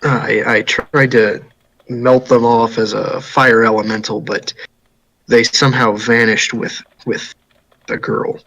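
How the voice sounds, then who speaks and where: A man telling his part of a tabletop game in character, halting and restarting often. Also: medium pitch, flat delivery, a bit bright, dull audio, slight background noise. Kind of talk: in-character storytelling.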